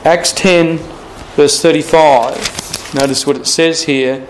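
Male preacher, slightly high voice, deliberate and repetitive, drawn-out scripture reading. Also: fairly even intonation, slight background noise, rough recording. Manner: slow and deliberate, repeating key phrases, stretching scripture quotes. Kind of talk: Bible teaching sermon.

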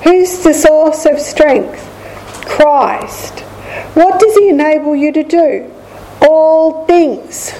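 A woman teaching from the Bible, speaking slowly and deliberately and repeating key lines of scripture. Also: sits high, warm tone, slight background noise, low-quality recording. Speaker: preacher.

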